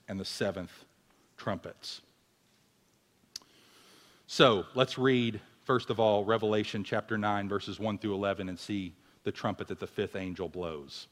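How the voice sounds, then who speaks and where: A man preaching a sermon with emphasis, repeating words for force as he builds his points. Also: mid-range voice. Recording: long hall reverb.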